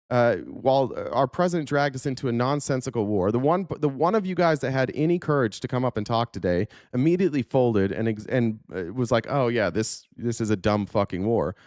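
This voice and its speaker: A man's voice: medium pitch, darkish tone, no room sound. Angry male political host who swears freely and talks bluntly, in a dry studio. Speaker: show host. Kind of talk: profane political commentary.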